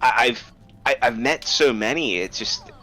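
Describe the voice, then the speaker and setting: A man from the Baltimore area chatting on a gaming stream, telling stories with halting restarts. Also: mid-range voice, lively intonation, pushed and bright, faint music behind, low-quality recording. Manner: rambling, halting with many restarts. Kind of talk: casual chat while gaming.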